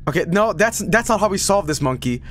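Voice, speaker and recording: A man streaming a game, giving casual, excitable commentary with frequent swearing and laughter. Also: high-pitched, brisk, a little hiss or hum. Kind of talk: casual let's-play commentary.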